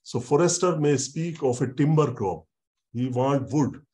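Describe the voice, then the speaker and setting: A man giving an online university lecture, explaining slowly and repeating words with many fillers. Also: mid-range voice, lively intonation, darkish tone.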